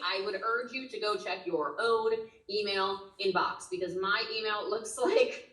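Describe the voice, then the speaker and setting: A woman's voice: mid-range voice, moderate pace, fairly bright tone. Punchy, urgent woman sales coach; roomy, distant sound. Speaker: network marketing coach. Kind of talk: energetic webinar teaching.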